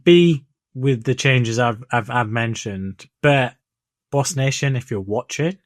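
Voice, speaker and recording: A man's voice: mid-range voice, slow, no echo. A man co-hosting a casual podcast, talking in a laid-back way and giving blunt advice. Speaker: podcast co-host.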